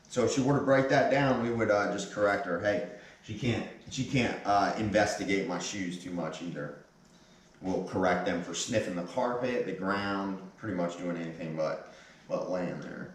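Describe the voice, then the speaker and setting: A man's voice: on the low side, normal speed, recorded from a distance. Dog trainer man in an echoey room. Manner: short firm commands mixed with relaxed explanations. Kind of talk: casual instructional talk during training. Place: indoor training space with concrete floor.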